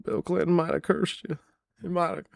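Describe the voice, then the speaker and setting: A man doing an impression of a soft-voiced, folksy older politician with a chuckling, drawn-out way of talking. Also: high-pitched, creaky, no echo, pitched above the performer's own voice. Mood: sly.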